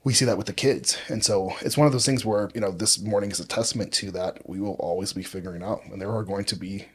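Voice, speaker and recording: A man in his thirties co-hosting a family podcast, telling stories in a lively, joking way with frequent restarts. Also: lowish voice, quick pace, slightly rough. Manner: animated storyteller, jokey, repeats himself. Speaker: podcast co-host. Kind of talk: casual chat.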